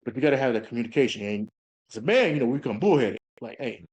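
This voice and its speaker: Guy in his 30s talking fast, cop on an interview, acts out what people said. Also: medium pitch, breathy edge. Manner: animated storytelling, acts out quotes. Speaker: guest, police officer. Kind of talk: casual interview talk.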